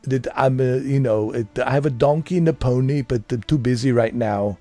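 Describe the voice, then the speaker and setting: A man doing an impression of a muscle-bound former governor with a thick Austrian accent, talking in halting, boastful bursts. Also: mid-range voice, warm tone, close to an everyday voice. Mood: defensive.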